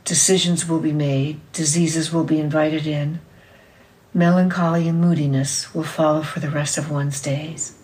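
Low-voiced woman reading a novel aloud. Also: level tone, normal speed, darkish tone, recorded from a distance, a little hiss or hum, poor audio. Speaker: reader.

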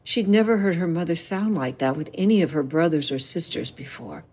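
A woman's voice: deep voice, a little fast, slightly rough. A woman in her seventies, a novelist, expressively reading a passage from her own book aloud. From United States. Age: 70s. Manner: expressive storytelling reading with voiced quotes.

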